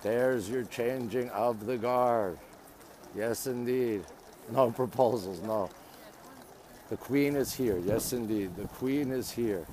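A man's voice: medium pitch, slow, mellow, slight background noise. A man live-streaming from his phone outdoors, chattily greeting viewers and answering their comments as he walks. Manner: chatty, repeatedly greets viewers and says "there you go". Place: outdoors at a city landmark.

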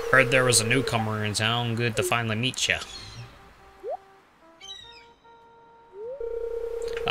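A hearty old fisherman with a folksy sea-dog drawl, as a man puts him on while reading game dialogue. The voice sits a bit higher and louder than his usual low talk. A steady hiss of background noise and soft clicks run behind it. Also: close to an everyday voice. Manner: hearty, folksy sea-dog patter with a vague put-on accent. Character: weathered old male fisherman, jolly and folksy.

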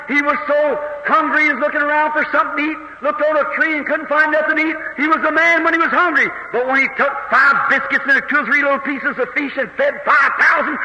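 Man preaching hard, voice way up high and piercing, old echoey hall tape. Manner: impassioned, builds to shouts. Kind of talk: fervent revival sermon. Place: large church hall. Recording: echoey hall, faint hiss, 1950s tape.

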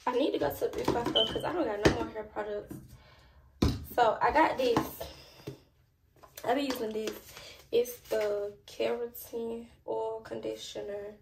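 A woman's voice: fairly high pitch, fairly even intonation, a little slow, vocal fry, background noise. A young woman talking casually to her camera at home, blunt and cussing, sick and tired. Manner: frank, swears freely, tired and irritated. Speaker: vlogger. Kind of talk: casual vlog talk to camera. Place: at home, indoors. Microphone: phone camera.

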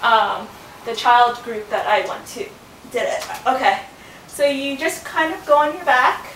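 Her fairly bright voice moves a little slowly as this woman demonstrates a casual home workout in her bedroom. She chats throughout, speaks to her baby in a sing-song voice, and runs short of breath; the mic is distant, the room echoey, with a faint rumble.

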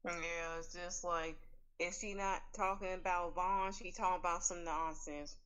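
A young woman co-hosting a casual chat, blunt and slangy with quick asides. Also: fairly low pitch, steady tone, a bit bright, clean tone, muffled recording. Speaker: podcast co-host.

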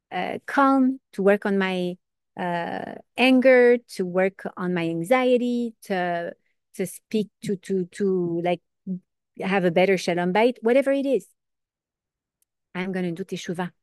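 A woman giving an informal Torah class, earnest and lively, asking questions and answering them herself. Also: mid-range voice, no echo, clean studio sound. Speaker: Torah teacher.

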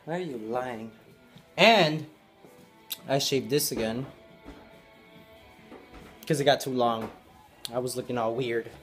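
A man's voice: medium pitch, slow pace, pauses often, a bit bright, soft background music. A young man vlogging casually, joking around and baby-talking to his puppy, now and then slipping into Spanish phrases. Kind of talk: casual vlog chat.

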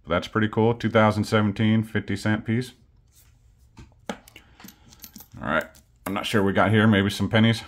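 Man, low voice, relaxed chatty coin-vlog host, pokes fun at himself. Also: unhurried, pauses often. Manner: easygoing, chatty, self-deprecating. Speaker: coin collecting channel host. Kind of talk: casual unboxing vlog.

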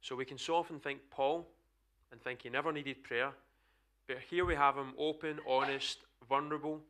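A man's voice: medium pitch, steady tone, normal speed, pushed and bright. A man with a Scottish accent preaching an earnest, emphatic sermon to a church congregation. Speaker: pastor.

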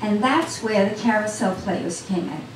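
A woman's voice: medium pitch, normal speed, noisy background. A woman telling a personal story to a live audience in a cafe, talking straight to the crowd in a chatty way. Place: small cafe event. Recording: roomy sound from a distant mic.

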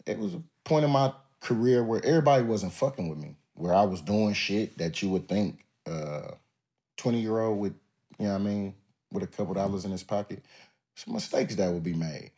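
A man with a lowish voice tells stories as a podcast guest, laid-back and drawling. He swears freely and slips into little impressions of other people. The delivery is relaxed and unhurried. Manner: laid-back, profane, drawling storyteller who acts out others. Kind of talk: casual interview storytelling.

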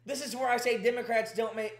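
A man's voice: very high-pitched, fairly even intonation, quick pace, reverberant. A man hosting political commentary, talking in an exasperated, emphatic rant. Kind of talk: ranting commentary.

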